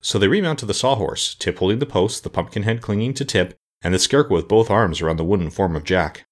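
A man narrating a storybook in a measured, scripted reading. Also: on the low side. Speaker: audiobook narrator.

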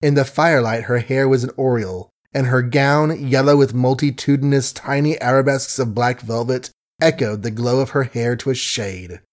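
A man narrating a novel in an even, unhurried literary reading. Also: mid-range voice. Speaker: audiobook narrator. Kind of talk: scripted narration.

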